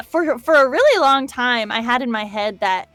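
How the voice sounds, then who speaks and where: A woman voice actress as an interview guest, talking in a thoughtful, relaxed way. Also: fairly high pitch, moderate pace, dry recording, soft background music. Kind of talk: casual interview chat.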